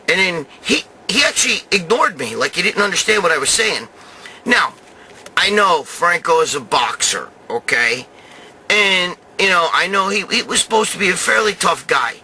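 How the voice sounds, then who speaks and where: A middle-aged man spins a rambling, profanity-laced story with street-tough swagger. His voice sits a bit high for a man and sounds very bright and sharp. A faint hiss of room noise runs underneath. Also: very animated, normal speed. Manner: rambling, swears constantly, street-tough bravado. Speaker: show host telling a story.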